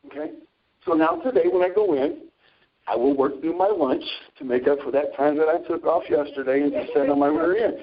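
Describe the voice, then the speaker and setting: A man with a raised, gravelly voice preaches informally, telling stories from his own life and reading scripture aloud. His delivery swings widely and animatedly in pitch. The recording sounds dull and lo-fi. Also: a little hiss or hum. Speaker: Christian talk show host.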